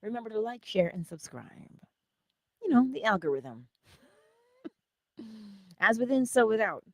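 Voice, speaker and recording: On a studio-quality livestream with no room sound, a woman chats casually and playfully, laughing often and welcoming viewers by name. Her voice sits on the high side with big pitch swings and a measured pace, and she says she talks like a valley girl.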